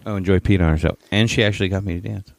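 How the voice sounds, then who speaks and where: A man's voice: sits low, steady tone, racing, creaky, no echo. A man co-hosting a casual chat, easygoing, with goofy asides. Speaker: podcast co-host.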